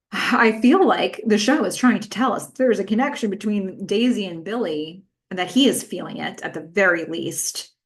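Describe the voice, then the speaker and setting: A woman's voice: medium pitch, a bit bright. A woman hosting a podcast, giving a casual, chatty recap of a TV episode with frequent "like" and "um". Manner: chatty, fillers like "um" and "like". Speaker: podcast host.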